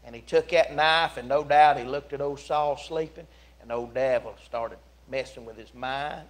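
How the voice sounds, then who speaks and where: A man preaching a sermon in a church, telling the story in a folksy, animated way with big swings from loud to hushed. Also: medium pitch, normal speed. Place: church sanctuary.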